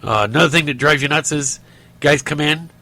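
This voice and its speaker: A middle-aged man hosting a podcast talks a little fast in a somewhat high voice that sounds pushed and bright. He rambles through stories and rants in a casual monologue, with plenty of fillers and restarts.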